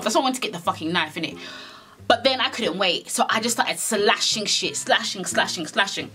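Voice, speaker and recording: A young British woman in her twenties, casually telling a storytime vlog, animated, slangy and swearing as she acts out scenes. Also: medium pitch, fast, faint music behind. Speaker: storyteller vlogger.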